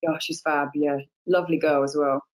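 A woman's voice: low voice, level tone, moderate pace, rough recording. A woman, an actress guest chatting enthusiastically in an interview. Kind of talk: casual interview chat.

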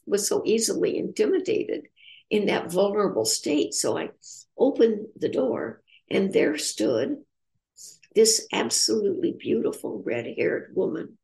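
An older woman, an author in recovery, shares her personal story in an earnest, reflective tone. Her voice is gravelly with a touch of vocal fry, her pitch rises and falls in a lively way, and she often pauses and restarts.

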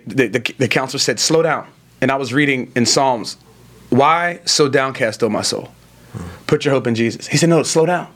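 A man in his forties speaks as a guest pastor, telling his story in an earnest, preacherly way. His pitch sits in an ordinary middle range. He leans into key lines with rising emphasis. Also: a bit bright. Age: 40s. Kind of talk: conversational interview, preacherly storytelling.

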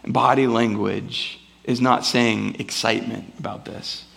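A man's voice: lowish voice, fairly even intonation, a little slow, gravelly, fairly bright tone. A man preaching a casual, rambling sermon to a church congregation, often acting out the voices of the people in his stories. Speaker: pastor. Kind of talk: conversational sermon. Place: church before a live congregation.

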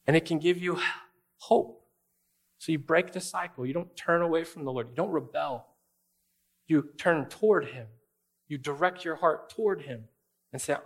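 A pastor preaches a sermon in a conversational, emphatic way, often addressing his listeners directly. His voice is on the high side and fairly bright, at a moderate pace.

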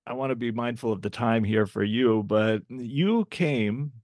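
A man hosting a podcast interview, asking hesitant, gentle questions. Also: mid-range voice, measured pace, no echo, clean studio sound. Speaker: podcast host. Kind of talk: casual interview.

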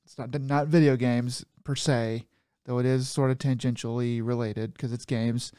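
A man's voice: mid-range voice, little pitch movement, normal speed, mellow, clear, resonant tone, no room sound. A man co-hosting a casual podcast over a call, talking in a mid-range voice. He is chatty, laughs easily and gets heated. The sound is dry and close. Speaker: podcast co-host. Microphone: remote call mic.

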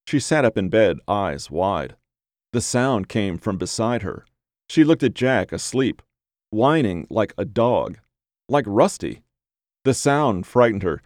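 A man narrating a dark horror story in a measured, even storytelling voice. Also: on the low side, no echo, studio quality. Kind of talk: horror audiobook reading.

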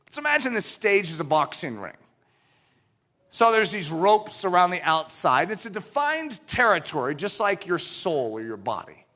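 Male preacher, high and sharp-toned, very expressive delivery, acts out scenes mid-sermon. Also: normal speed. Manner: animated, acts out dialogue and illustrations.

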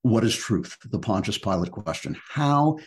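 A man's voice: lowish voice, very animated, normal speed. An older man, a crime novelist, talking earnestly about beauty and truth in an interview, often restarting his sentences. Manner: earnest and searching, with many restarts. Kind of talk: reflective interview talk.

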